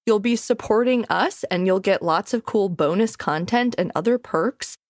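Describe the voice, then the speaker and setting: A woman's voice: medium pitch, normal speed, dry recording. Young woman co-host, crude and teasing, dry close sound, mid voice. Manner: crude, teasing, swears freely. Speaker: podcast co-host. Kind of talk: casual chat.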